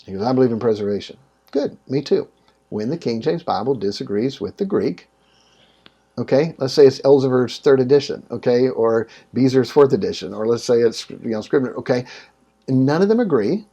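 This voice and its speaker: A man speaking in a casual interview conversation, telling stories in an animated way with sudden jumps in pitch. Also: moderate pace, breathy edge, dull audio.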